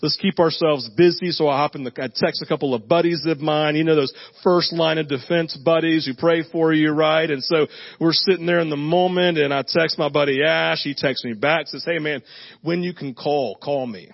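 A man's voice: on the high side, normal speed, creaky, lo-fi sound. A male pastor giving a conversational sermon, telling a personal story with lots of asides and "right?". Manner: animated storytelling, asks "right?" often, self-deprecating asides. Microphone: handheld mic.

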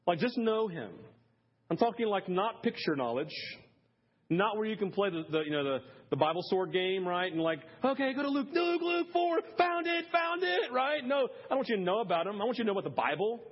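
A man preaching a sermon in a conversational way, with many "like"s and "listen"s, swinging from hushed to loud. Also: high-pitched, breathy edge. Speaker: pastor. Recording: dull lo-fi sermon audio.

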